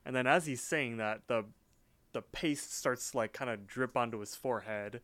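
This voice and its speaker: A man's voice: medium pitch, moderate pace, fairly bright tone, no echo. A young man co-hosting a podcast, casually recapping a cartoon episode with a rambling manner full of "like" and "um". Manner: rambling, lots of "like" and "um". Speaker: podcast co-host.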